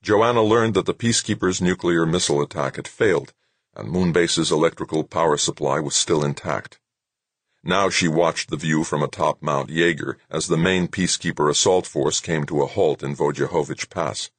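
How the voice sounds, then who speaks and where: Male audiobook narrator, very deep, husky, dry close sound. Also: no echo. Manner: steady, measured reading. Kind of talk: scripted narration.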